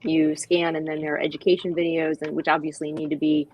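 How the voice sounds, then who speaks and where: Low-voiced, enthusiastic woman guest. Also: flat delivery, brisk, a little mellow, rough recording. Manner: enthusiastic, acts out voices in quoted asides. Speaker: guest, founder of a dog-park nonprofit. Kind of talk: animated conversational interview.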